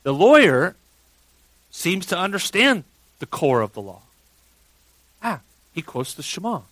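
A man in his thirties, a pastor preaching a sermon and telling a family story with big swings from hushed to loud. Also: high-pitched, very animated, unhurried, no room sound, low-quality recording.

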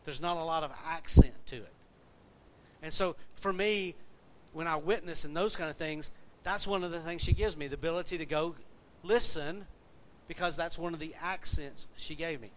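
A man preaching a sermon in a relaxed, conversational way, checking in with his listeners with questions as he goes. His voice sits slightly high. A faint low rumble hums behind him. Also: moderate pace. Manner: conversational, asks the congregation questions. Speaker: pastor.

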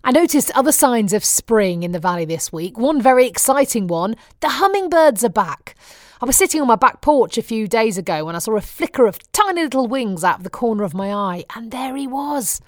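A woman's voice: fairly high pitch, big pitch swings, a little fast, no echo. Brief: middle-aged British woman, wry chatty presenter, dry close sound. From Britain. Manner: wry, chatty storytelling with frequent laughs. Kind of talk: chatty personal diary monologue.

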